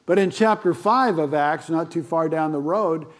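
A man's voice: a little high, moderate pace. Older man preaching, conversational. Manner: conversational preaching with fillers and asides. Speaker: pastor. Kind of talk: sermon.

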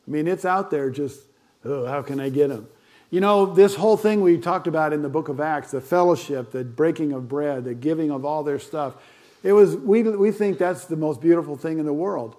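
An older male pastor preaching in a loose, conversational way, dropping in fillers and little asides. His voice sits a touch higher than most men's. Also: a little fast, dark tone. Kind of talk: sermon.

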